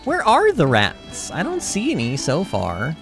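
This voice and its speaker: A man's voice: a little high, wildly swooping pitch, unhurried, vocal fry, fairly bright tone, soft background music. A young man streaming a game, thinking aloud and reacting with exclamations. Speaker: gaming streamer. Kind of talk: casual gameplay commentary.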